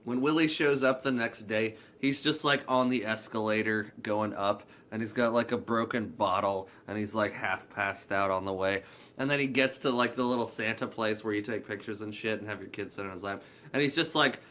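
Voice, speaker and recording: A man's voice: lowish voice, a bit bright, a little hiss or hum. A young man casually recapping a film plot in a rambling, profane way, full of "like". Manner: rambling, profane, heavy use of "like". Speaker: movie reviewer.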